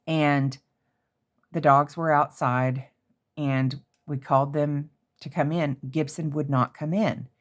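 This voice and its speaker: A woman from Oklahoma with a low-pitched voice, talking casually in her craft room. She tells stories in an animated, excitable way and often jumps up into shrieky high notes. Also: slow pace. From Oklahoma, USA. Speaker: crafter showing handmade pieces. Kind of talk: casual storytelling vlog.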